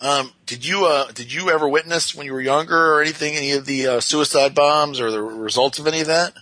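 Interviewer guy, quick and bright, kinda husky, short questions. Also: on the high side, dry recording. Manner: asks short questions, hesitant fillers.

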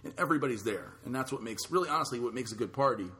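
A man's voice: medium pitch, lively intonation, very fast, sharp tone, a little hiss or hum. A man hosting a podcast in casual chat, talking in a loose, blunt way with casual swearing. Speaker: podcast host.

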